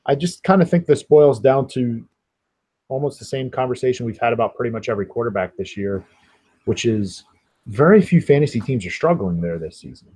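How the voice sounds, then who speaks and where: A man's voice: medium pitch, lively intonation, brisk, mellow, slightly rough. A man co-hosting a casual podcast, laid-back and wry, sometimes hesitant. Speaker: podcast co-host.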